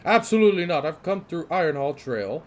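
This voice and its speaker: Man doing fussy merchant, indignant, loud and high, game dialogue read aloud. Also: lively intonation, a little fast, natural voice.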